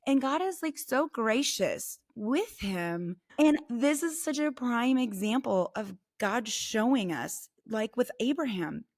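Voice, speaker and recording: A middle-aged woman co-hosting a casual faith podcast, animated, laughing often and acting out quoted voices. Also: on the high side, slow pace, hardly any pauses. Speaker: podcast co-host.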